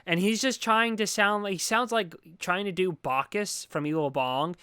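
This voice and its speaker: A man riffs sarcastically about a bad movie on a podcast, rambling and swearing as he goes. His voice is smooth and clear, sitting a little high. The sound is close and dry. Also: normal speed, pushed and bright, no echo. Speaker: podcast co-host. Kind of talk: casual movie review chat.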